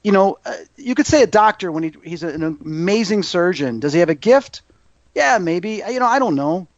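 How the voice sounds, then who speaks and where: A man's voice: high-pitched, moderate pace, no room sound. A man in his fifties, a psychic medium guest, telling stories in a casual interview and acting out quoted voices. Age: 50s. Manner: animated, acts out quoted voices. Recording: dull muffled audio.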